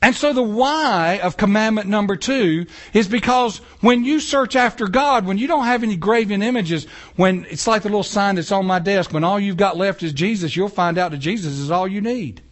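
A man delivers a sermon from the pulpit. His voice sits high for a man, and he keeps things animated with rhetorical questions and offhand remarks to the congregation. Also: normal speed, hardly any pauses. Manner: animated preaching with casual asides and rhetorical questions. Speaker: pastor. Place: church sanctuary.

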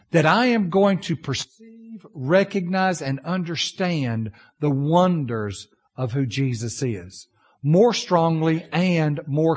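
A pastor preaches to his congregation in a high, very lively, slightly rough voice whose pitch swings freely throughout the sermon. He tells homespun stories, leaping from loud outbursts to low, confiding asides.

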